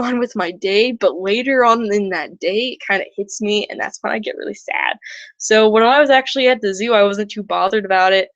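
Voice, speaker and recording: A woman's voice: mid-range voice, fairly bright tone, no echo. A woman telling a personal story in a casual, rambling way, filling her sentences with "like". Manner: rambling, heavy use of filler "like". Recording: dull lo-fi dry recording.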